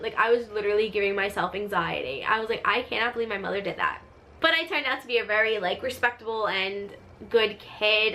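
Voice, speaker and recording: Bright-voiced chatty woman vlogger. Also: mid-range voice. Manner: animated, chatty, full of "like" fillers. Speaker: vlogger, channel host. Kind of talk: casual storytime monologue.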